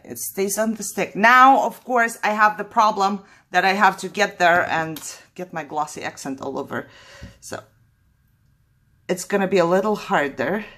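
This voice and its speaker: A woman hosting a casual craft tutorial, chatty and thinking aloud, laughing at her own mistakes as she works. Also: medium pitch.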